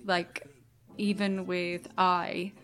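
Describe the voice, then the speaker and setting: A woman co-hosting a casual album discussion, lively, acting out rhetorical questions. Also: fairly low pitch, very slow, soft background music. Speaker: podcast co-host.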